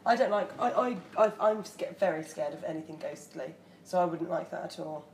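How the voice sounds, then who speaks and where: A woman co-hosting a podcast in casual chat, playful and teasing, with quick asides. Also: lowish voice, darkish tone, a little hiss or hum. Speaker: podcast co-host. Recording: echoey room, faint ambience.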